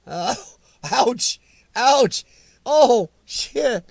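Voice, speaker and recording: A man's voice: very high-pitched, lively intonation, drawn-out words, gravelly, a little mellow, no echo. A middle-aged man, hosting a casual live chat, teasing and joking with commenters. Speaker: livestream host reading chat.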